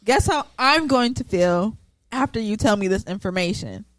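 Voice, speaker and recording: A woman in casual podcast talk, speaking at a middle pitch, blunt and emphatic. The recording is dry and close to the mic. She drops curse words without hesitation. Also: expressive, moderate pace, dry recording. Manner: blunt and emphatic, swears freely. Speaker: podcast co-host. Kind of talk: casual chat.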